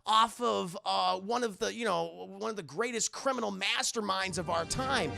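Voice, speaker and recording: A man's voice: high-pitched, moderate pace, creaky, over music. A man voicing a flustered female TV news reporter who asks probing questions.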